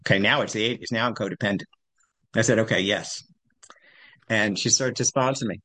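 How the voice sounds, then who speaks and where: A man's voice: fairly low pitch, fairly quick, bright, forceful tone. A man in his sixties telling his recovery story at a support meeting, rambling and self-deprecating. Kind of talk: personal recovery share.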